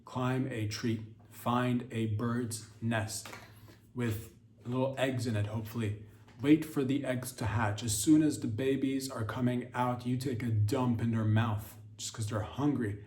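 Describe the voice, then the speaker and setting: A man's voice: mid-range voice, fairly even intonation, measured pace, darkish tone, reverberant. A man hosting a comedy podcast, delivering absurd mock-serious rants in a rambling way, full of restarts and fillers. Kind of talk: absurd deadpan comedy monologue.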